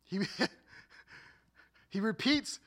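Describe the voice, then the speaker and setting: A man preaching a sermon as a pastor, earnest and deliberate, with playful asides. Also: a bit bright.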